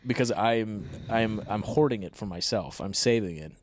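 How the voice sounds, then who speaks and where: A young adult man, a podcast guest in casual chat, joking and telling animated stories. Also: lowish voice, normal speed, no room sound, studio quality.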